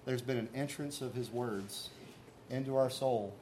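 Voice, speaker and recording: A man's voice: mid-range voice, steady tone, measured pace, a little mellow, slight background noise. Earnest man preaching a sermon. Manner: earnest, conversational preaching with rhetorical questions. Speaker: pastor.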